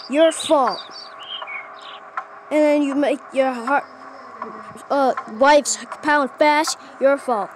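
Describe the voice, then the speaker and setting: A woman voicing an angry woman gang member in an animated drama, scolding a rival in broken, repetitive English. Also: high-pitched. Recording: loud background noise.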